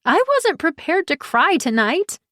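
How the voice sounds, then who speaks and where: An eager, blunt young woman friend who pushes for gossip, voiced higher and louder than the narration by a woman reading an audiobook. Her lines come out quick and excitable, recorded dry and close. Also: dry recording. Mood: excited.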